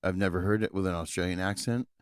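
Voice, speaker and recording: A man's voice: deep voice, fairly even intonation, fast, smooth, no echo, studio quality. A young man co-hosting a podcast in casual chat, laid-back and swearing freely as he laughs along. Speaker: podcast co-host.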